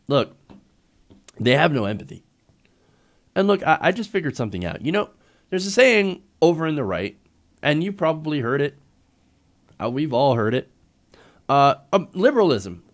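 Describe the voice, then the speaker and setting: A man giving opinionated political commentary in a sarcastic, mocking way. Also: on the high side.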